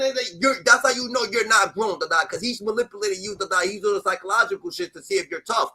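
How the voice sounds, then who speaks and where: Man, New York accent, streamer, heated rant, very high pitch, bright sharp tone. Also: fairly quick, hardly any pauses, husky. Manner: profane, repeats filler "da, da, da". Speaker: streamer commentator.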